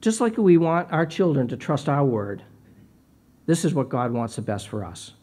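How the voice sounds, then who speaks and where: A man's voice: mid-range voice, sing-song, normal speed, darkish tone. A middle-aged man preaching a sermon, earnest and personal, often repeating words as he starts a phrase. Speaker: pastor.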